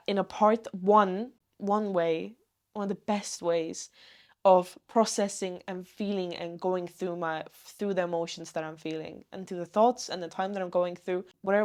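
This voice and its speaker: A woman talking to camera in a personal vlog, gentle and earnest, with meandering sentences. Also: medium pitch. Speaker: vlogger.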